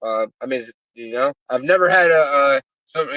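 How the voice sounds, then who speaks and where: A man's voice: medium pitch, animated, moderate pace, sharp tone, dry recording, rough recording. A man, a pro wrestler, cutting a brash, profane promo and rambling and stammering through interview answers.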